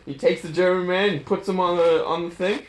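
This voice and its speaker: Man, casual movie recap, laughs a lot, goofy character voices, slightly high pitch, roomy echo. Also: steady tone, a little fast.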